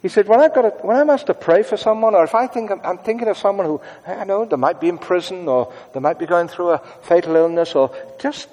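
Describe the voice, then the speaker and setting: A man preaching a sermon in a conversational way, moving between brisk asides and hushed, prayerful tones. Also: high voice, long reverb tail.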